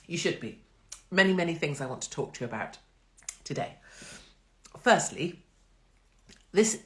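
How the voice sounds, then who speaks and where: Low-voiced woman host, chatty and blunt. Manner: chatty, laughs often, sarcastic and blunt. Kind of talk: casual live-stream chat.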